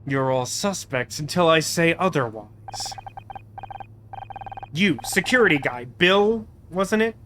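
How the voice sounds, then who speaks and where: A man reading a stern male detective, video game character, curt commands, bright clear voice. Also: a little high, lively intonation, slow, a little hiss or hum.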